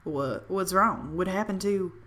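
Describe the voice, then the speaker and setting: Casting: kind young bartender in a story game, steady and soft-spoken, read by a woman. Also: lowish voice, unhurried. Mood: concerned. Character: friendly young male bartender, calm and caring.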